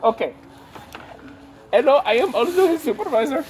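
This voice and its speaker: A man's voice: very high-pitched, expressive, moderate pace, a little mellow, faint music behind, pitched above the performer's own voice. A man putting on the voice of an overly polite, formal call center agent who repeats himself, recorded in a noisy store. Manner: stiff, formal, repetitive phrasing. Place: store aisle.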